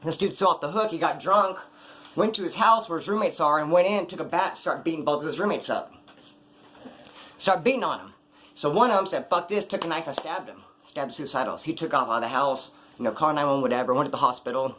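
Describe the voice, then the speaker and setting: A man tells a story in a casual, streetwise way, swearing freely and staying animated. He talks fast and keeps momentum through every scene. His voice sits a little high for a man.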